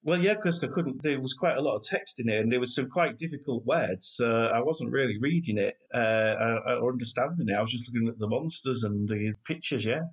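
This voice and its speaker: A man's voice: mid-range voice, a little fast, hardly any pauses, slightly rough. A man, telling family stories in a chatty way as a co-host. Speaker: podcast co-host. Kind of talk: casual chat.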